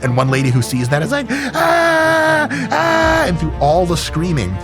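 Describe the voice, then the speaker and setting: A man's voice: a little high, quick pace, music in the background. A man hosting a fitness commentary, joking and swearing casually as he explains training and does a comic ad read. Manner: animated, profane, joking. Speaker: host, exercise scientist.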